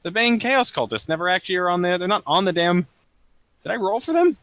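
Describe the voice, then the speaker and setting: A young man running a tabletop game as game master, halting with many ums and casual swearing. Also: high voice, expressive, a bit bright, dry recording. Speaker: dungeon master.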